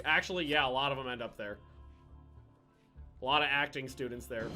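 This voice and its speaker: A man hosting a gaming video, telling rambling, profane anecdotes in a casual, animated way. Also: medium pitch, brisk, long pauses, soft background music. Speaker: gaming channel host. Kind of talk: casual storytelling over gameplay.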